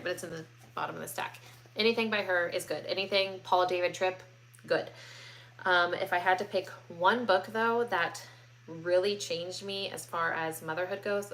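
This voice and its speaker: A woman's voice: on the low side, fairly bright tone. A woman in her thirties hosting a live question-and-answer stream from home, chatting casually with many ums and likes and reading viewer comments aloud.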